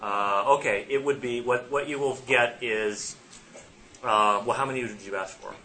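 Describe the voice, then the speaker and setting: A man's voice: medium pitch, fairly even intonation, normal speed, sharp tone, slight background noise. A man running a tabletop game as game master, improvising the scene and laughing between lines.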